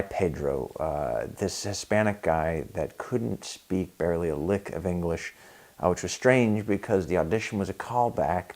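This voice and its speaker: A young man telling a comedic story about an audition in a dry, tired deadpan. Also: low voice.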